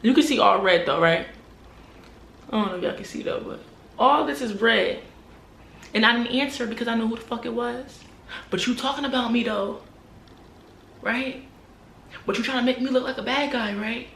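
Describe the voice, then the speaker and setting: A woman's voice: fairly high pitch, moderate pace, gravelly, pauses often, fairly bright tone, echoey room, a little hiss or hum. A young woman vlogger ranting to camera in a blunt, profane, confrontational storytime. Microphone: camera mic.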